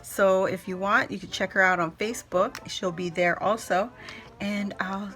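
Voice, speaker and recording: A woman, middle-aged, chatting casually to camera as a craft vlogger, gushing and excitable as she shows off things. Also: mid-range voice, moderate pace, faint music behind. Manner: gushing, excitable, squeals with delight. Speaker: craft vlogger unboxing happy mail.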